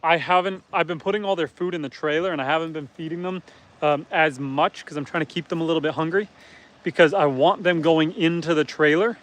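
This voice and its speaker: A man's voice: on the high side, fairly quick, fairly bright tone. A man chatting casually on a live stream outdoors on his farm, explaining his chores as he works. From Canada. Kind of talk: casual live-stream chat, reading viewer comments. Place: outdoors on a farm near a truck and pigs.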